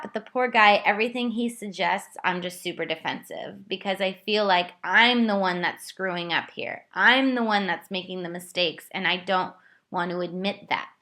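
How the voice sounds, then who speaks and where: A woman's voice: fairly low pitch, normal speed, sharp tone. A young woman hosting her own podcast, telling a candid, self-deprecating story about her week. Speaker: podcast host. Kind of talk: confessional solo podcast.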